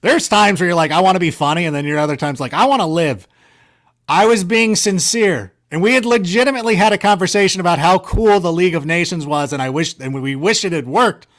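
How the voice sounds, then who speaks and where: A man tells stories as an interview guest, his fairly high voice rambling and doubling back on itself. He talks in an animated, self-correcting way, with sarcastic banter woven in. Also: brisk. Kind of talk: casual storytelling.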